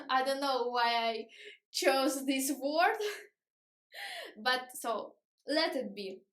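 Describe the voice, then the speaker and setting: A tired woman whose first language is Russian teaches a beginner lesson at a very slow, patient pace. Her voice sits high, and it is filled out with fillers and soft laughs. The room gives it a noticeable echo. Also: sing-song.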